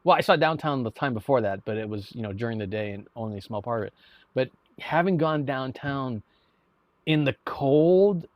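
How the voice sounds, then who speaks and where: Man, live streamer, casual chat, rambling, repeats words, medium pitch, dry sound. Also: expressive, fast, no echo, muffled recording. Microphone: streaming mic.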